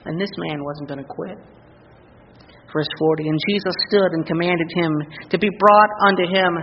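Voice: mid-range voice, steady tone, normal speed. A preacher giving a sermon who reads scripture verses aloud and then speaks directly to the listeners to urge them on. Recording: long reverb, dull lo-fi sound, faint noise.

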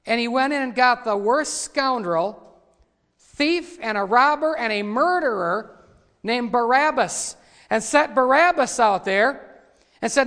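A man preaching a sermon, retelling the story dramatically and voicing the quoted lines louder. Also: high-pitched, measured pace. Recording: long hall reverb.

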